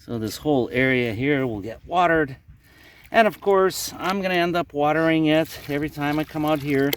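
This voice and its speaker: There's a slight hiss or hum behind this man's somewhat high voice, which moves at a normal speed. A Canadian with a matching accent, he rambles casually through his day in an outdoor vlog from his garden plot.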